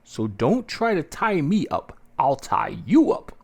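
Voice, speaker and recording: A man hosting a podcast, telling a story casually with plenty of swearing and animated delivery, jumping into a raised voice to act out what people said. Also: on the high side, a little slow, gravelly, breathy edge. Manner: profane, animated, acts out quotes in a raised voice. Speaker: podcast host.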